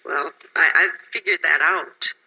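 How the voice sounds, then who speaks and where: Tired and emotional, a woman from Wisconsin, USA, testifies at a public hearing and pleads with the panel, sometimes sinking into a whisper. Her voice is very bright yet husky and low, unhurried, on a lo-fi recording.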